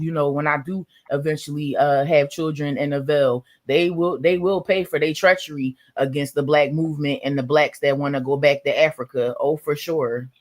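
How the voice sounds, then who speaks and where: A woman, talking bluntly and emphatically in a casual livestream discussion, acting out conversations with animated voices. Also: sits low. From United States.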